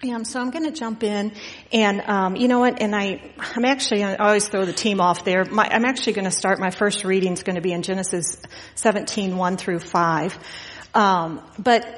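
A woman's voice: mid-range voice, moderate pace. A middle-aged woman giving an informal Father's Day sermon as guest preacher, chatty and full of fillers as she tells family stories. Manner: chatty and storytelling, frequent fillers and laughs. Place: church sanctuary. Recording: long reverb of a church hall.

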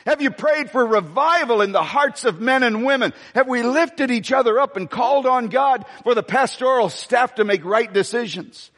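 An older man preaching a sermon as pastor, emphatic and folksy, with sudden swings in pitch. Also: moderate pace, few pauses, a bit bright, in a large hall. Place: church sanctuary.

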